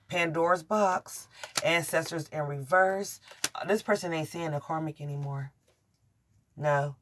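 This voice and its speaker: Profane, excitable woman reading tarot. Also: low-pitched, noisy background. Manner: blunt, profane, excitable, laughs and exclaims often. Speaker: tarot reader. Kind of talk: casual tarot reading to camera.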